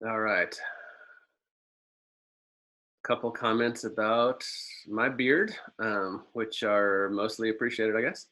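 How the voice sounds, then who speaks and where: A man's voice: fairly low pitch, steady tone, slow, long pauses, sharp tone, low-quality recording. A man presenting a marketing webinar over a video call, telling a folksy story with lots of ums and uhs.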